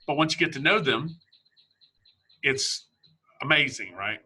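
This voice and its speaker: Guy hosting a chat, super bright sharp voice, rambles and restarts a lot. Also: medium pitch, expressive, measured pace, slightly rough. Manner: rambling storyteller, many restarts. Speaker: podcast host. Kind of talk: casual conversation.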